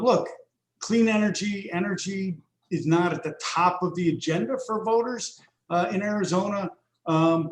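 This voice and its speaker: Man presenting poll numbers, echoey room. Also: a little high. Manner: steady, with frequent "uh" fillers. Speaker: pollster presenting survey results. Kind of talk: webinar presentation. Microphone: video call. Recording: roomy echo.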